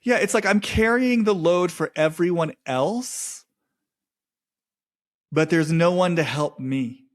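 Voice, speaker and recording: A man hosting his own podcast, talking alone in a reflective, halting way and repeating phrases as he searches for words. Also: a little high. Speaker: podcast host. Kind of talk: reflective solo monologue.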